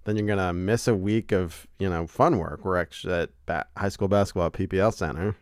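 A man's voice: low voice, a little fast, clean tone, no echo, studio quality. A man co-hosting a casual podcast, teasing and wry. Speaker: podcast co-host. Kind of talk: casual chat.

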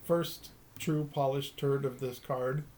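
A relaxed, jokey man chatting casually on a podcast. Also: mid-range voice, slow, slight background noise, poor audio. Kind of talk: casual chat.

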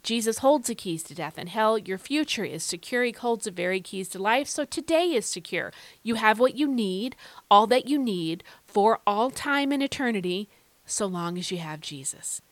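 A woman's voice: medium pitch, expressive, moderate pace, no room sound. A woman teaching a devotional message with strong emphasis and a habit of repeating key phrases. Her voice sits in a middle register and she addresses the listener directly as a friend. The recording is close and dry, with no room sound. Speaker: devotional podcast host.

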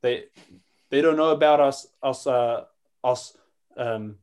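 A man's voice: medium pitch, slow pace, darkish tone, clear, resonant tone. A man telling a rambling, hesitant story as a student in an improv class.

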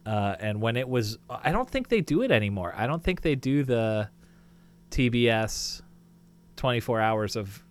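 A man co-hosting a podcast in casual chat, animated and bouncy, acting out little quotes as he talks. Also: mid-range voice, moderate pace. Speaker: podcast co-host.

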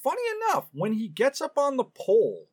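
Animated high-voiced man co-hosting a podcast. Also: a little fast, husky. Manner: playful, laughing, animated. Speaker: podcast co-host. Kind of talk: casual chat.

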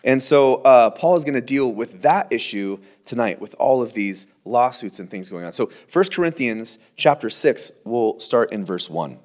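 A man's voice: medium pitch, lively intonation, normal speed, few pauses, darkish tone. A man, a pastor, teaching through scripture verse by verse in a conversational, emphatic way, often restarting and repeating words.

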